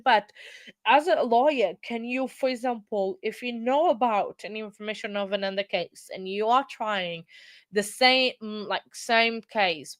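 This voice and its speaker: A woman's voice: medium pitch, no room sound, studio quality. A woman hosting a casual livestream, talking in a chatty, rambling way with lots of restarts, sleepy and yawning. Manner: rambling, self-interrupting, chatty. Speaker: livestream host. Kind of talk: casual live chat.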